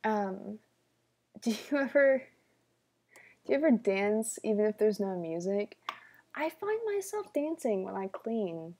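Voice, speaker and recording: A woman's voice: medium pitch, sing-song, takes it slowly, pauses often, a little mellow. A young woman hosting a casual livestream Q&A, joking around and dropping into whispered asides. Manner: playful, jokey, drops into whispered asides. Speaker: livestream host.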